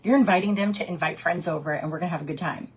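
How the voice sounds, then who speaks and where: A woman who works as a direct sales consultant, giving her team casual coaching and acting out customer conversations in lively quick put-on voices. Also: fairly low pitch, slightly rough. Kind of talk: casual training talk with storytelling.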